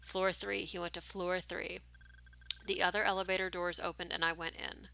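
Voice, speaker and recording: A woman's voice: on the low side, level tone, normal speed, creaky, pushed and bright. A woman streamer reading a story game aloud, slipping into casual asides with fillers.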